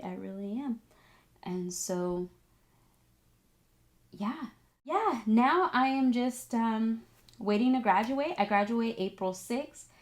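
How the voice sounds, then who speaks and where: A young woman talks straight to her viewers, telling a story in a loose, chatty way with plenty of filler words. Her voice leaps up high at the exciting parts, and she sometimes sounds close to tears. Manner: animated, emotional, chatty with many "like"s. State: tearful at times. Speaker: vlogger, esthetics student. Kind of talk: casual storytelling to camera.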